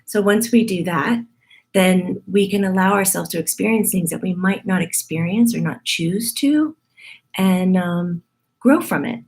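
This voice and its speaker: A woman medium giving a casual, chatty spiritual teaching talk to her group, with a husky morning voice and playful laughing asides. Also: fairly low pitch, unhurried, a little mellow.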